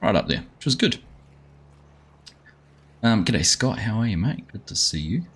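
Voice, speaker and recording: Host: low husky New man, relaxed chatty stream talk, greets viewers. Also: measured pace. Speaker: gaming livestream host. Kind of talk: casual chat while playing a farming game.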